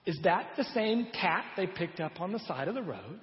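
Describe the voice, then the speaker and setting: A man with a high voice preaches to his congregation, spinning stories with lively emphasis and easing down into quiet, soft endings. The sound is dull and muffled, carried through a long hall reverb. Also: moderate pace. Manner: storytelling, animated, trailing off softly at ends of points. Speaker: pastor. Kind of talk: sermon.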